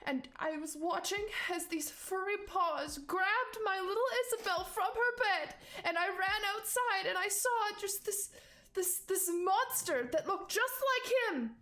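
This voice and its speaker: A shrill, frantic rabbit-folk mother shrieks in a high, piercing voice, half sobbing as she accuses someone, as a woman game master puts her on. Her pitch climbs well above a normal speaking voice. It has the raw feel of a tabletop game character. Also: lively intonation, unhurried, bright, forceful tone, heavily acted. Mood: tearful. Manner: shrill, accusing, near tears.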